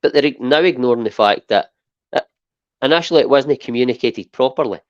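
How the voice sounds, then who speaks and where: A Scottish man co-hosting a football podcast, talking in an animated, emphatic way and often tagging points with "right?". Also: mid-range voice, fairly quick, no room sound, dull audio. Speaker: podcast co-host. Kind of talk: casual football chat.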